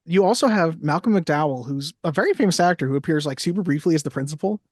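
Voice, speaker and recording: Guy cohosting a movie podcast, jokey and wry, a bit higher voice, dry close sound. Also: fast, no room sound. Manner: wry, jokey, quotes lines in little voices. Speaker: podcast co-host. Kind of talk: casual chat.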